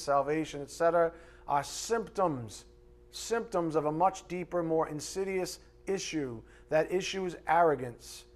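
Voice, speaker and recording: A man preaches a sermon with a voice pitched a little above the usual for men. He teaches from a board and keeps the talk animated, slipping into playful put-on voices for his asides. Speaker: pastor. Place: church or teaching room with a board.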